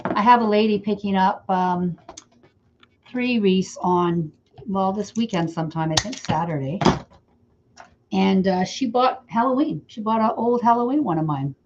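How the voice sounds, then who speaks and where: A woman's voice: mid-range voice, a little slow, noisy background. A friendly, talkative middle-aged woman from Canada walks viewers through making a wreath on a live stream. She greets commenters by name between steps. The sound is a little dull and lo-fi, like a webcam mic. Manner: chatty, talks to viewers by name while working. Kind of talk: casual live-stream crafting demo.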